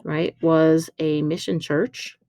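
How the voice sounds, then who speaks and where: A woman's voice: deep voice, level tone, slow, warm tone. A woman teacher talking through a slide lesson in a chatty way, explaining with fillers and correcting herself. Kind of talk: recorded classroom lesson over slides.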